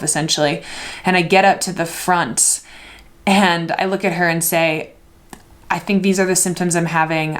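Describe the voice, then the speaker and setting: Candid, low-voiced young woman storyteller. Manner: reflective, candid, many "like" fillers. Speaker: wellness podcast host. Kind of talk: personal storytelling.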